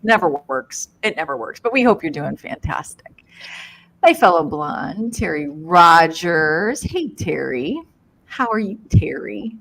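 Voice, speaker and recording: Woman, live-stream co-host, bubbly, chatty, slightly low voice, upbeat shout-outs. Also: big pitch swings, unhurried, creaky. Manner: bubbly, upbeat, reads viewer names and plugs. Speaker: co-host of a live paranormal network show.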